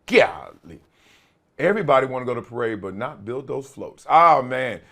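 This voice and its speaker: A man's voice: medium pitch, very animated, moderate pace, fairly bright tone. A man in his late forties hosting his own talk show in casual commentary, laughing often and using folksy slang. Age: late 40s. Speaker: host.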